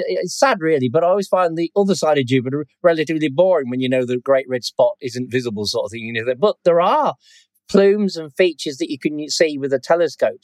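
Rambling man, fairly high voice. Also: dry recording. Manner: rambling, fond of the filler "sort of thing". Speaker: astronomy podcast co-host. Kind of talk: casual chat.

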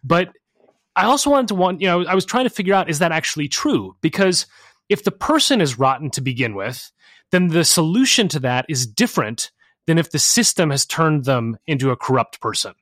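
A male academic explains his research with lively energy, his voice set a bit higher than average. He restarts phrases as he thinks aloud. The recording is close and dry. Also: brisk, no echo. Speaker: guest, professor and author. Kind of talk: conversational interview answers.

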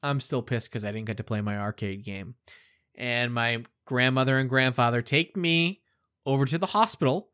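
A middle-aged man co-hosting a podcast, telling a childhood story in a casual, animated way and acting out the quotes. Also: mid-range voice. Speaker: podcast co-host.

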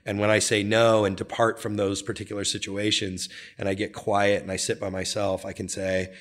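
A man speaking candidly as an interview guest, earnest and animated, sometimes rising into excited bursts. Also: on the low side, moderate pace, few pauses. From United States. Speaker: guest, real estate brokerage founder.

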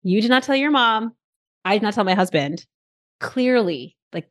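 A woman hosting a podcast interview, telling stories in an animated, casual way with lots of filler words. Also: mid-range voice, moderate pace. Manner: animated storytelling, many "like" fillers. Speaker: podcast host.

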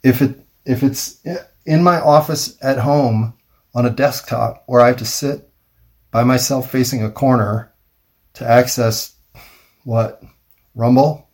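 A man rambling through a wry, self-mocking solo monologue, thinking aloud with pauses. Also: mid-range voice, darkish tone. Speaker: vlogger.

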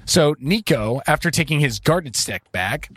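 A man's voice: fairly high pitch, lively intonation, measured pace, fairly bright tone, slightly rough, no echo. A man playing in a tabletop game, eagerly explaining his character's moves and the rules in detail. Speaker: player.

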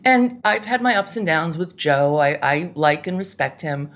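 A middle-aged woman, a guest commentator, talking politics in a casual podcast chat with an emphatic, exasperated manner. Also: low voice. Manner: emphatic, exasperated, quick asides.

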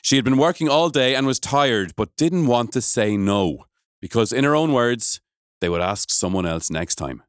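A man's voice: mid-range voice, moderate pace, clear, resonant tone, no echo, clean studio sound. An Irish man hosting a podcast, telling a story and chatting casually with his co-hosts. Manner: lively storyteller who jokes with co-hosts. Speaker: podcast host.

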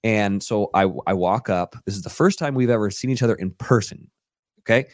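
A man on a podcast spins a rambling anecdote, acting out what people said with lots of "um" and "like". His voice sits a little low. The sound is close and dry, with hardly any room echo. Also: a little fast. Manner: animated storyteller who acts out quotes, many fillers. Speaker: podcast guest, radio DJ and TV personality. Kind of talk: casual anecdotal storytelling. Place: podcast studio.

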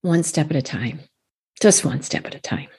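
A woman in her fifties talks about her coaching work in a relaxed podcast chat. Her voice sits a little low for a woman, and she speaks earnestly, breaking into light laughs between thoughts. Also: moderate pace, slightly rough. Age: 50s. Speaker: life coach guest. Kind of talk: casual podcast interview.

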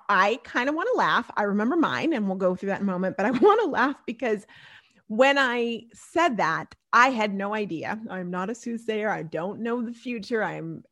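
A woman's voice: mid-range voice, fairly bright tone. A woman hosting her own podcast, talking alone in a bubbly, chatty way and laughing often at herself. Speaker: podcast host. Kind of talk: casual solo podcast monologue.

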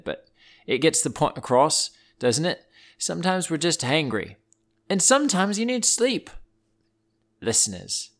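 A man hosting a children's podcast, telling silly animal facts in a playful, animated way and wandering off on tangents. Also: on the high side. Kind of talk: playful storytelling for kids.

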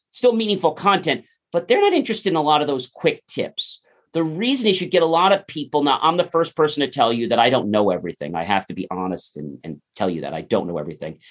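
Animated man telling stories. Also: a little high, fairly quick. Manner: animated, acts out quoted dialogue. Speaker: podcast guest. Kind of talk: conversational interview storytelling.

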